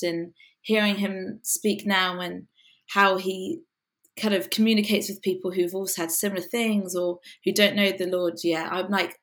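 A woman's voice: mid-range voice, a bit bright. A woman from the UK, a worship musician, talking earnestly and casually in a podcast interview, with many fillers.

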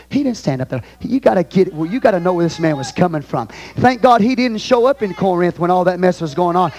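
A pastor with a Texan accent preaching a fervent sermon in a church, reading scripture aloud and swinging between booming and hushed delivery. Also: male voice, lively intonation, fast talker, hardly any pauses. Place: church sanctuary.

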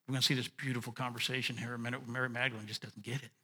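A male pastor preaching a sermon, reading and unpacking scripture, dropping to a hush and then rising to emphatic points. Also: medium pitch, very fast, husky, long reverb tail. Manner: expressive, swinging from hushed to emphatic.

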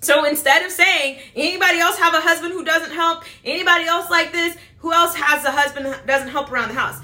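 A woman's voice: very high-pitched, a little fast, bright, forceful tone, reverberant. A woman giving casual advice to other moms, chatty, with a habit of tagging "right?" and acting out what people say. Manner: chatty, repeats "right?" and "blah, blah, blah"; acts out quoted voices. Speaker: mom advice vlogger. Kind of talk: casual advice talk to camera.

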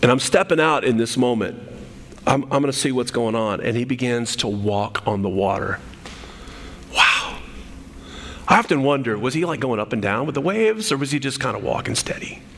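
Animated preacher in a reverberant hall. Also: male voice, medium pitch, moderate pace, slight background noise. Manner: animated storytelling, repeats words, restarts. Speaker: pastor. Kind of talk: sermon.

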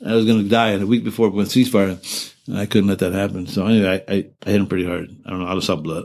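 A man in his seventies being interviewed, recalling events in a halting way with many restarts and self-corrections, earnest and emotional. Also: sits low, level tone, vocal fry, darkish tone. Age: 70s. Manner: earnest and emotional while recounting. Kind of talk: oral-history interview recollection.

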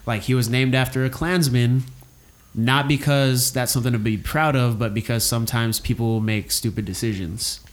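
A man talks through a film in a relaxed, opinionated way. His voice sits at an ordinary middle pitch. He circles his points with fillers and restarts. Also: moderate pace. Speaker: podcast co-host discussing a film. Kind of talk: casual discussion.

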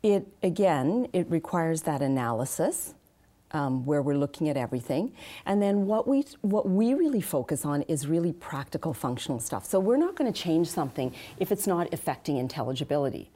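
Low, mellow-voiced woman explaining speech. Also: big pitch swings. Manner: measured, practical, many fillers. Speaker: accent and speech specialist. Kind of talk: interview answers, explanatory.

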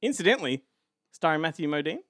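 A man's voice: fairly high pitch, very animated, quick pace, fairly bright tone, no echo, studio quality. A man co-hosting a podcast, with casual, crude banter and frequent laughter. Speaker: podcast co-host. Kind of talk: casual chat.

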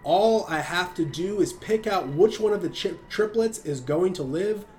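A man reading the part of a bitter young father who speaks tersely and flatly. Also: high voice, moderate pace, slight background noise. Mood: sullen. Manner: flat, terse.

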